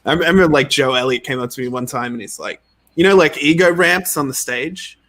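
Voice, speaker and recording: A man, a game creator being interviewed, telling stories in a casual, animated way, laughing often and saying "like" a lot. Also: mid-range voice, fast. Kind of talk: casual storytelling.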